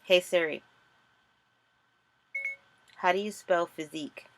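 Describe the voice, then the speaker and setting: A woman's voice: on the low side, steady tone, slow pace. A woman author chatting casually and thinking aloud as she walks through a screen-recorded tutorial. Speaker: author and vlogger.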